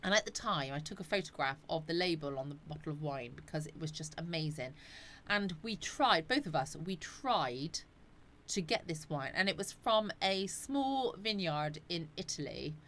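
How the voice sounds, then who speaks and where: A woman's voice: low-pitched, animated, normal speed, fairly bright tone, a little hiss or hum. A woman hosting a casual live chat, rambling and answering viewers' comments. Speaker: live stream host.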